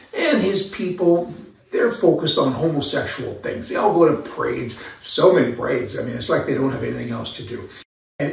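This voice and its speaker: This commentary host has a creaky voice on the high side, heard from a distance in a very echoey room. His opinionated monologue rambles sarcastically, with asides and repeated words.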